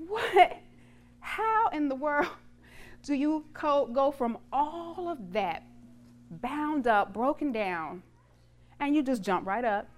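Lively woman preacher, fairly high voice. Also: takes it slowly. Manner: dramatic, lively storytelling with humor. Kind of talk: sermon.

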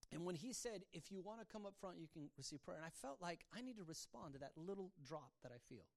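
A man preaching a sermon, telling his own story, his voice swinging from hushed to loud. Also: high voice, animated, fast talker, creaky. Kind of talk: sermon testimony.

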